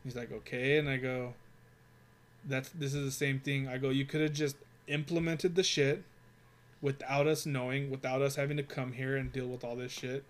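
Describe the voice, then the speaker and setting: A man's voice: medium pitch, flat delivery, normal speed. A young man telling a rambling, profanity-filled work story in casual chat, with lots of fillers.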